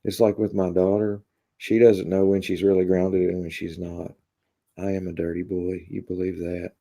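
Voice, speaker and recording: A man hosting a live stream, chatting casually with viewers in a deadpan, rambling way full of fillers. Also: low-pitched, moderate pace, gravelly. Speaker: live-stream host reading chat.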